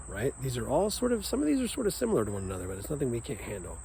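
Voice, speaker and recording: An upbeat man leads children through a vocal warm-up, now and then singing long vowel sounds. He talks at a middle pitch, recorded outdoors with faint crickets and hum behind him. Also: sing-song, racing, gravelly, poor audio. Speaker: music teacher. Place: outdoors at a nature center.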